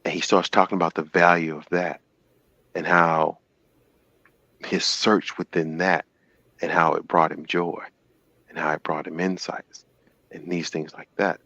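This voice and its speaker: A man hosting a call-in show, retelling a story in an animated, sermon-like way and acting out the quotes. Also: sits low, unhurried, long pauses, dry recording, dull audio.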